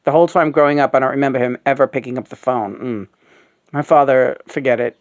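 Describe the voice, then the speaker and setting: A woman's voice: very deep voice, steady tone, quick pace, a little mellow. A woman in her sixties, a host of a puppet show, talking in a frank, rambling, casual way, full of fillers and swearing. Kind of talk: casual candid conversation.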